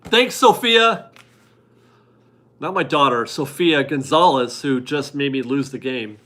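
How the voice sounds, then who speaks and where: Bright-voiced man hosting a live stream. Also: medium pitch, moderate pace. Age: 40s. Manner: chatty and upbeat, laughs often. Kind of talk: casual live-stream chat reading viewer donations. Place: home garage.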